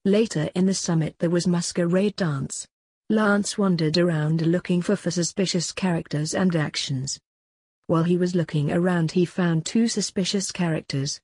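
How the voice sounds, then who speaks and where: Woman narrator reading a story, husky, pretty dry sound. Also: lowish voice, normal speed, a little mellow, no room sound.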